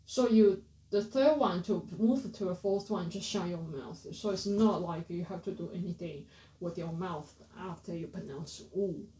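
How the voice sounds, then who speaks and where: A woman teaching pronunciation, repeating words slowly and correcting herself as she goes, in a casual lesson. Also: on the low side, dark tone. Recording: roomy, slightly distant mic.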